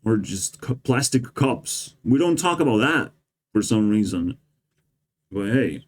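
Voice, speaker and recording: A man's voice: medium pitch, expressive, unhurried. A man delivering a rambling, profane and sarcastic monologue as a vlogger. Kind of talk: ranting monologue.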